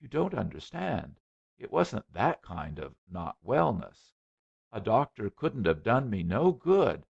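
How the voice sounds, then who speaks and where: A man's voice: on the low side, big pitch swings, slow pace, vocal fry, husky, pitched above the performer's own voice, exaggerated voice. A man voicing a sly, stubborn eleven-year-old boy, on a dull lo-fi recording. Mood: wheedling. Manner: firm, wheedling.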